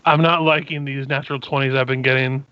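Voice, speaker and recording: A man's voice: medium pitch, level tone, quick pace, clean tone, no room sound, highs cut off. A man playing a tabletop game casually, rambling with lots of filler words. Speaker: player.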